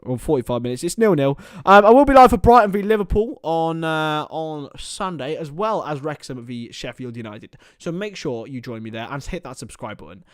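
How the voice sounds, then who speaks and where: Chatty young host, lively pitch. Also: male voice, moderate pace, hardly any pauses, no echo, studio quality. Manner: chatty, jokey, addresses viewers as lads. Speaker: livestream host. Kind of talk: casual football watchalong chat.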